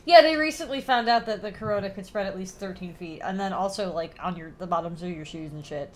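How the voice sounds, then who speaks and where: A woman streamer chatting casually while playing a game, lively and swearing freely. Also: mid-range voice, quick pace, hardly any pauses, a little hiss or hum. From New York area.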